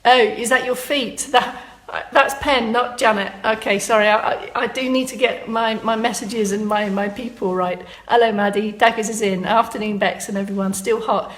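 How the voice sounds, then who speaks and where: Woman instructor, slightly high voice, chatty live-class host reading out comments. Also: fairly even intonation, moderate pace, fairly bright tone. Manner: chatty, reads out viewer comments. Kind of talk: live-stream fitness class chat. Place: indoor room at home.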